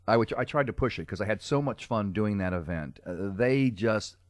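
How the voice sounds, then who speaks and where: Deep-voiced man telling stories. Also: lively intonation, normal speed, no echo, studio quality. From Cincinnati, USA. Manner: storytelling, laughs often, self-mocking. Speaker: guest, comedic speaker and character performer. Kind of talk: casual podcast chat.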